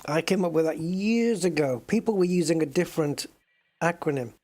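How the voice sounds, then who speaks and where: A man's voice: a little high, normal speed, a little mellow. A man chatting casually and joking with viewers while live-streaming a space game.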